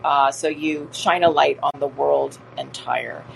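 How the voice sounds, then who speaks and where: A woman's voice: deep voice, steady tone, measured pace, vocal fry, a little hiss or hum. A woman giving a casual spoken lesson, talking in an earnest, rambling way with many ums and restarts. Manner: earnest, easily moved. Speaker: presenter explaining literature.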